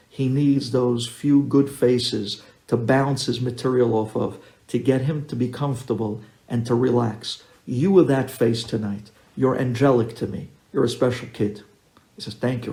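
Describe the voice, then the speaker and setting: A rabbi telling a story to an audience, acting out the dialogue in a lively way. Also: male voice, mid-range voice, vocal fry. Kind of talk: storytelling talk.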